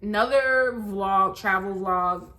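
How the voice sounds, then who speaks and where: Taking it slowly, a lifestyle vlogger in her late twenties talks to viewers from her bed at night in a mid-range voice with a sharp tone. It's a candid vlog, and she's tearful and sad, rambling as she speaks to them directly.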